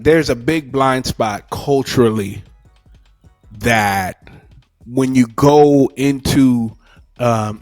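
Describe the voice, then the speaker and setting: A man's voice: mid-range voice, no echo. A man co-hosting a casual reaction chat, speaking emphatically and often breaking off and restarting his phrases. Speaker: co-host of a reaction show.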